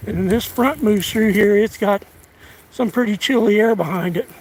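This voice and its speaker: A man out of breath, chatting casually on a live stream while walking his rural land, pausing and restarting often. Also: high-pitched, rough recording. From United States. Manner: halting, drawling, many restarts and fillers. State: out of breath, winded. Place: outdoors on rural land in strong wind. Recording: outdoor phone audio with loud wind.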